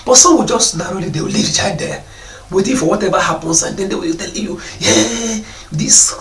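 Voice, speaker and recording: Preaching to parents about responsibility, a man scolds them and mocks their excuses in put-on voices. He speaks fast with a high-sitting, fairly bright voice. The recording is echoey and he sounds distant from the mic.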